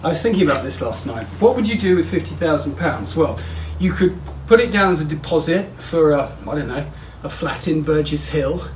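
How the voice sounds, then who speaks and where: A chatty, joking man talks up auction lots with easy enthusiasm, his voice at a middling pitch. He stands some way back from the mic in a sale room. The room rings with echo, and a faint hum of ambience sits underneath. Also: animated, brisk, darkish tone. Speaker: auction house presenter. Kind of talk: casual sale preview walkthrough. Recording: echoey room, mic at a distance.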